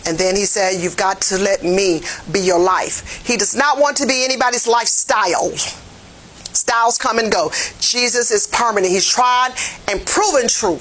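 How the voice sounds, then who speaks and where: A woman Bible teacher preaching a lesson in a fervent, plain-spoken way, her voice swelling to near-shouts. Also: on the high side, lively intonation, normal speed, slightly rough, low-quality recording. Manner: folksy, plain-spoken phrasing. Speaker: jail ministry Bible teacher.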